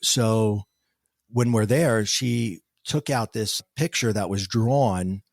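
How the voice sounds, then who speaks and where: A middle-aged man, a podcast guest, telling a personal story in an animated way and acting out the quoted dialogue. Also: lowish voice, takes it slowly, vocal fry, no room sound, studio quality. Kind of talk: storytelling interview answers.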